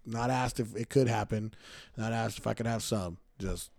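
A young man co-hosting a podcast, telling stories in a loud, animated way, swearing and laughing often. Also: lowish voice, moderate pace, gravelly, no room sound, clean studio sound. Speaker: podcast co-host. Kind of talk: casual chat.

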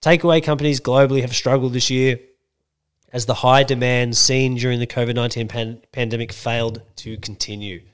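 A man's voice: mid-range voice, steady tone, fairly quick, clean tone. An Australian man co-hosting a podcast, chatting casually and reading news items in a blunt, sweary, joking way. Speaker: podcast co-host.

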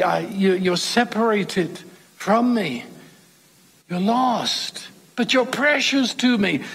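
Guy preaching, high husky voice with gravel, slow and chatty, lots of hall echo. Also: fairly bright tone. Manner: conversational, emphatic, rhetorical questions. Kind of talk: sermon. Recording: long hall reverb.

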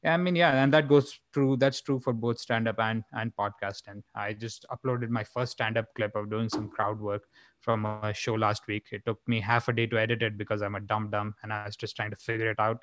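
A man's voice: fairly low pitch, fairly even intonation, brisk, a bit bright, no echo. Young comedian guy from india, rambly, lots of uh and like, dry close mic. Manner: rambling, with many fillers and restarts. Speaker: stand-up comedian and podcast guest. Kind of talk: casual chat.

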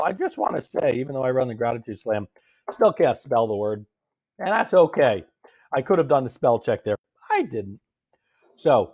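A man hosting a live-streamed gratitude session on a phone, gently coaching viewers and answering their comments. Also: fairly high pitch, animated, normal speed.

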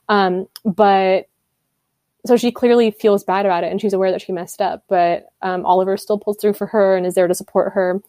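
A woman's voice: mid-range voice, fairly even intonation, a little fast, dark tone, no echo. Chatty young woman, dry close sound. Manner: chatty, laughs often, playful sarcasm. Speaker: podcast co-host. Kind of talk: casual chat.

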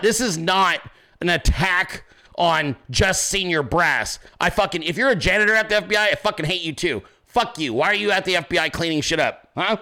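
Angry, profane man ranting with a high, bright voice. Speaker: host of a political commentary show. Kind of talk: profane political rant.

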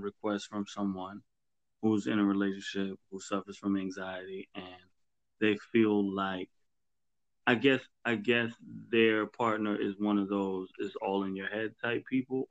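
A low-voiced man talks in a relaxed, slangy way, hosting a podcast as casual chat and laughing easily. The recording is dry and a little dull. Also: no echo. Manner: laid-back, slangy, laughs often.

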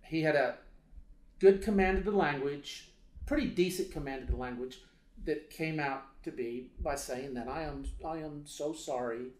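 A man's voice: on the high side, moderate pace, a little mellow. A man telling a personal story in a casual interview, hesitant with many fillers, acting out dialogue. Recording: roomy echo.

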